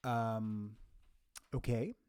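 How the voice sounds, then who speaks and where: A man playing his own future self, a nearly hundred-year-old time traveler who speaks slowly and lectures like a professor, with many hesitations. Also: on the low side, fairly even intonation, a little mellow, no room sound, clean studio sound. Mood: grave. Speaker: host. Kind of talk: comedy sketch with himself.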